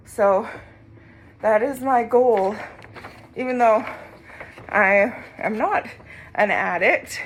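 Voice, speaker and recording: A woman talks in a casual vlog while riding an exercise bike, short of breath, her voice a little high. She speaks slowly and reflectively, pausing often. A faint hiss of noise sits under the recording. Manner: slow, reflective, with pauses and soft laughs. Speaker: vlogger sharing her recovery.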